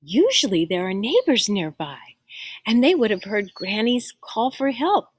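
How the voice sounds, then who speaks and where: A woman reading a picture book aloud to children, expressive, stopping to explain words and ask the listeners questions. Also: mid-range voice, measured pace, slightly rough. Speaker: storyteller.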